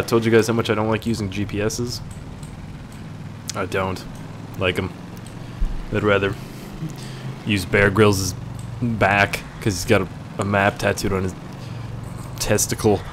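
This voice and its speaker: A man's voice: on the low side, background noise. A man giving casual gameplay commentary, rambling with crude jokes. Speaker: gaming YouTuber.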